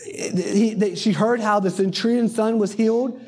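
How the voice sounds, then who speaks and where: A man's voice: sits high, fairly even intonation, unhurried, darkish tone, breathy edge. A man preaching a sermon in a folksy, rambling way, full of joking asides.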